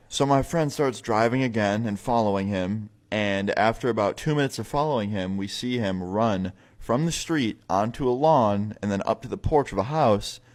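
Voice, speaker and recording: A man's voice: on the low side, normal speed, few pauses. A young man telling a story casually, swearing a lot and rambling with many fillers.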